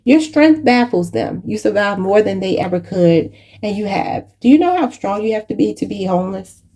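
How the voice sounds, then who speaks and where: A woman's voice: mid-range voice, lively intonation, normal speed, warm tone. A woman giving a channeled tarot reading, emotional and preachy, choked up and near tears, calling her viewers y'all. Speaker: tarot reader.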